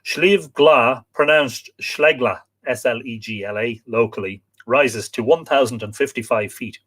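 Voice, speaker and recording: A man's voice: mid-range voice, normal speed, fairly bright tone. An Irish man hosting a live stream, reading from a book and adding chatty asides for viewers, sometimes spelling out place names. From Ireland.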